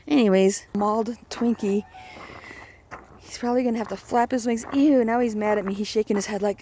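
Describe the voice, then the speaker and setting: A woman's voice: a little high, fairly quick, dark tone. A woman vlogging outdoors among geese, chatting casually and coaxing a goose in a playful sing-song voice. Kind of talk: casual vlog narration.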